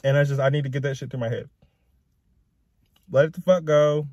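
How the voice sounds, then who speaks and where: A man's voice: mid-range voice, fairly even intonation, fairly quick, darkish tone, dry recording, lo-fi sound. Young man in a raw, profane rant. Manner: raw and profane, rambling in circles. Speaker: vlogger. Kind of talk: emotional personal rant to camera.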